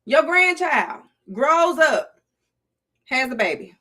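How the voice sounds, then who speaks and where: Bright, animated Southern woman streaming. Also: sits high, slow. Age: middle-aged. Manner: animated, preachy and playful, talks to her chat. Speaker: livestream host. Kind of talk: casual livestream monologue.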